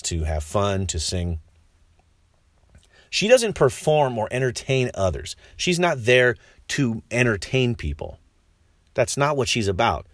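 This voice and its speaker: A man chats through a film review in a rambling way, with lots of restarts and wry asides. His pitch moves in a lively way. The voice sounds close and dry, with no room sound. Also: no room sound. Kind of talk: casual spoken film review.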